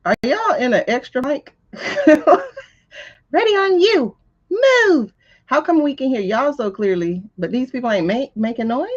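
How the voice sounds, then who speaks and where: A woman hosting a live stream, reacting out loud in a casual, exasperated way, with her pitch rising and falling a lot. Her voice sits a bit high. The stream audio is dull and lo-fi. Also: a little fast, few pauses. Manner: animated, exasperated, talks back to the footage. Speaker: host of a live tarot stream.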